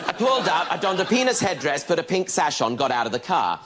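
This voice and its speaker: A man in his thirties doing a self-deprecating stand-up comedy routine, telling stories with animated delivery. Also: fairly high pitch, fast, crowd noise. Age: 30s. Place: comedy stage in a TV studio.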